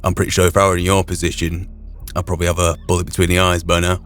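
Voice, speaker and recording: A man talking in character, gruff and blunt with a lot of swearing. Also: sits low, monotone, very fast, a bit bright. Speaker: roleplayer speaking in character. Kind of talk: in-character roleplay chat.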